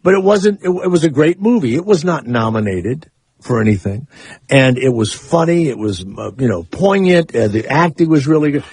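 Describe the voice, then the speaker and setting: A man's voice: medium pitch, expressive, normal speed, darkish tone, husky, no room sound. A man hosting a radio talk show, rambling and opinionated in casual chat. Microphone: studio microphone.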